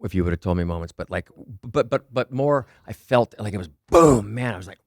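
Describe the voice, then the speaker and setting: A middle-aged man telling stories as a podcast guest, excited and profane, acting out the people in his anecdotes. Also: fairly low pitch, fairly quick, dry recording, clean studio sound. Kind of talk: animated storytelling.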